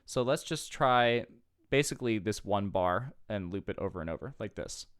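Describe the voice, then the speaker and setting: A man's voice: on the low side, lively intonation, normal speed, smooth. A man giving a casual guitar tutorial, patiently walking through chords and counting beats aloud. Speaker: guitar teacher. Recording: loud guitar music underneath. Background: guitar playing.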